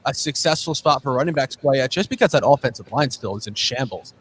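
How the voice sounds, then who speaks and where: A young man on a sports fan panel, telling rambling, animated stories. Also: medium pitch, quick pace. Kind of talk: casual panel banter.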